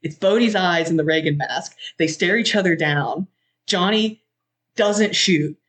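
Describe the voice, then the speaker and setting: A podcast host gives a casual, animated retelling of a film scene, swearing and leaning heavily on fillers like "like". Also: medium pitch, a little slow.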